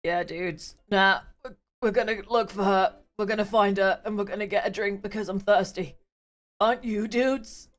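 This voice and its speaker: A woman voicing a laid-back man in a red superhero suit, putting on a lowered voice. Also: steady tone, moderate pace, close to an everyday voice.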